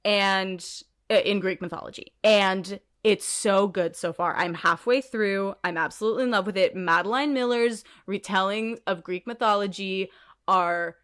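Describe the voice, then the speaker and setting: A woman co-hosting a podcast in casual chat, animated and ranty, swearing and laughing often. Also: mid-range voice, normal speed, smooth. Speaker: podcast co-host.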